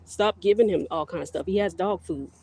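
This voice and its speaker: Out in her garden, this middle-aged livestream host talks fairly quickly in a low, dark, slightly rough voice. She chats rambling to her viewers, the phone held close as a handheld mic.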